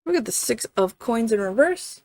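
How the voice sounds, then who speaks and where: A woman's voice: fairly high pitch, big pitch swings, normal speed, a little mellow, no room sound. A woman giving a casual tarot reading in a chatty way, full of fillers, often checking in with "right?" and swearing now and then. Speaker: tarot reader.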